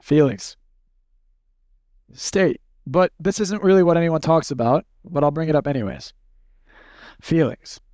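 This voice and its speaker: A man leading a live seminar workshop, talking bluntly and casually, running demonstrations with volunteers and slipping into quick acted snippets. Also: fairly high pitch, lively intonation, a little mellow, dry recording, clean studio sound. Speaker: seminar speaker.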